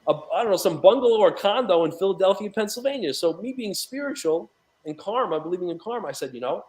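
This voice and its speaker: A man's voice: high-pitched, expressive, fast talker, a little mellow. A man speaking as a guest in a casual interview, from New York, rambling with many fillers and restarts. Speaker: guest, documentary associate producer.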